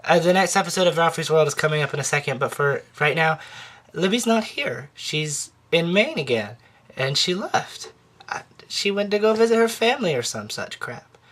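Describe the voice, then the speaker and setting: A vlogger talking casually to the camera at a middling pitch. The delivery is offhand and a little grumbly. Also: expressive, moderate pace, a bit bright. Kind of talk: casual vlog intro.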